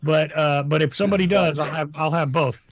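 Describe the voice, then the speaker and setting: A man's voice: a little high, fairly even intonation, a little fast, no room sound. A man co-hosting a casual call-in show from home, rambling and teasing with jokes. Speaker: co-host, timekeeper. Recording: dull, lo-fi remote line.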